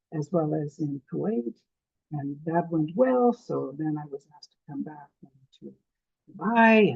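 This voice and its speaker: A Canadian woman past sixty-five, giving a lively motivational talk and telling her story with self-deprecating humor. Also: on the low side, dry recording, dull audio. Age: over 65. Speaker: conference speaker.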